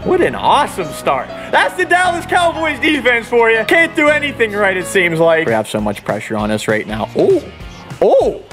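Excitable young man calling his own game. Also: high-pitched, normal speed, soft background music. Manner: excitable, swings between muttered asides and sudden shouts. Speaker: gaming YouTuber. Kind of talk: live commentary over his own football video game play.

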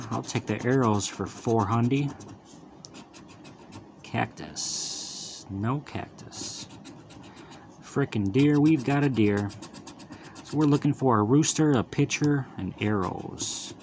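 Slow, chatty man scratching tickets. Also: medium pitch, slight background noise. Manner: calls out each symbol, upbeat wisecracks. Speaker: lottery scratch-off channel host. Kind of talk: casual running commentary while scratching tickets.

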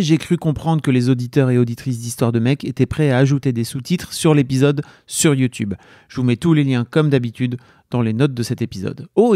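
Man, forties, French accent, podcast host, mid pitch, dry sound, friendly and laughing. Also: dark tone, no echo. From France. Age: 40s. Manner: friendly, laughs while speaking, careful in English. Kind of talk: podcast intro and interview.

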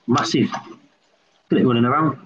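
A man in casual group video chat, excitedly showing off his reef tank. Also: mid-range voice, moderate pace. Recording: muffled call audio with faint noise.

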